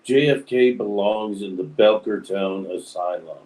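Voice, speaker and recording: A man's voice: lowish voice, unhurried, a little mellow, poor audio. A man co-hosting a live stream, teasing the others in blunt, crude banter. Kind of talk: casual banter.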